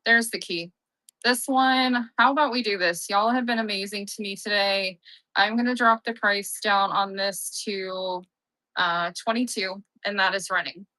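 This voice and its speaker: A woman's voice: mid-range voice, fairly even intonation, unhurried, pushed and bright, no room sound, rough recording. A young woman hosting a live-selling stream, chatting casually, upbeat and often laughing at herself. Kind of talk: casual live-sale chat.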